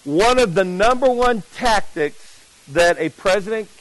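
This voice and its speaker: A man's voice: sits high, a little slow, low-quality recording. A middle-aged man from New Jersey preaching a sermon at a camp meeting, telling chatty stories with asides to the congregation. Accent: mixed American, mostly lost New Jersey. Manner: chatty storyteller, animated asides to the audience. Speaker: pastor.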